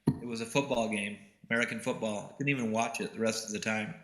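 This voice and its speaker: A man's voice: fairly low pitch, steady tone, quick pace, fairly bright tone. A man giving a keynote speech and telling a personal story in an earnest way. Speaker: keynote speaker. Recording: roomy hall echo.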